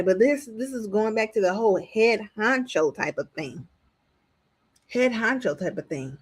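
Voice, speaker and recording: A woman talks through a reality TV episode in loose, casual commentary. She is outspoken and blunt, drops curses freely and jumps into animated impressions of the cast. Her voice sits at an ordinary middle pitch. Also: moderate pace, breathy edge. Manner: animated, acts out what others said. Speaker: reality TV reviewer.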